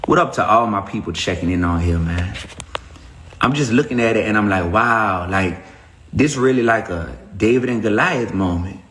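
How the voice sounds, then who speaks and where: A man's voice: fairly low pitch, expressive, moderate pace, reverberant. Emphatic New man live on a phone. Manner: preachy, emphatic, shout-outs to chat. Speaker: rapper on a livestream. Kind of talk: casual livestream talk to viewers.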